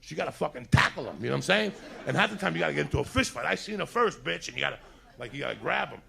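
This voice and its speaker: A man doing stand-up, telling a rambling, profane story in casual talk and acting out other people's lines, a little high. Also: animated, racing, gravelly, pushed and bright, husky. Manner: acts out other people's lines in put-on voices. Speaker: stand-up comedian.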